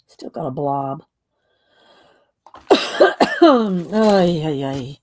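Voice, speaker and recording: A woman talking casually through a mixed-media craft tutorial, hoarse and losing her voice, often clearing her throat and muttering to herself as she paints. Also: sits low, animated, very slow, pauses often, darkish tone, slight background noise. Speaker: mixed-media art creator.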